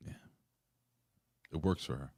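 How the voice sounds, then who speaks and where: A man's voice: a little slow, warm tone, dry recording. A man co-hosting a wrestling review podcast, bantering bluntly with plenty of profanity. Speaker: wrestling show co-host. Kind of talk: casual podcast chat.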